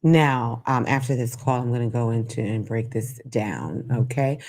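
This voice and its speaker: A woman's voice: a bass voice, normal speed, darkish tone. A woman hosting a call-in talk show, talking frankly and sassily, laughing at her own jokes. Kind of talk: live call-in show monologue.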